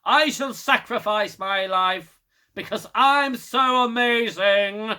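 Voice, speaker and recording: A man's voice: high-pitched, slow pace, pushed and bright, clear, resonant tone, voice pushed up, full character voice. A man parodying a smug, self-important female starship pilot in a mock-grandiose, sarcastic voice. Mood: mock-heroic.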